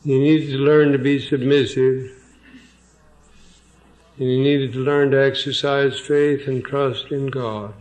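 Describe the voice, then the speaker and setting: Slow, deliberate male preacher. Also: mid-range voice, level tone, darkish tone, low-quality recording. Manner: slow and deliberate, repeats phrases for emphasis; reads a passage aloud, then preaches and questions the listeners. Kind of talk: sermon. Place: evening church meeting.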